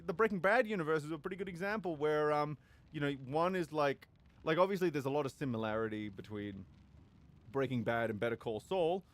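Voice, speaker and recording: A man talking casually on a live stream, rambling and joking crudely, with many fillers and restarts. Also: mid-range voice.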